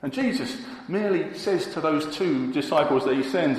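A man preaching a sermon, slow and emphatic, now and then acting out quotes from the crowd. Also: fairly high pitch. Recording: echoey hall with long reverb.

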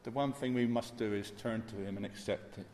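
A man's voice: on the low side, fairly even intonation, fairly quick, darkish tone, roomy sound, big-room sound, a little hiss or hum. A male preacher giving an earnest sermon in a church, dwelling on repeated phrases.

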